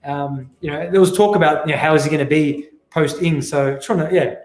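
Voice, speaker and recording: A young Australian man co-hosting a casual live stream, relaxed and quick to laugh, with loose slang. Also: on the high side, echoey room. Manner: laid-back, laughs often, loose slang. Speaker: podcast co-host.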